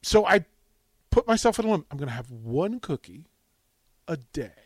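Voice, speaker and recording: A male radio host telling stories in casual call-in chat, swinging from loud to hushed. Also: a little high, moderate pace, breathy edge, no room sound. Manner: animated storytelling, dramatic swings from loud to hushed.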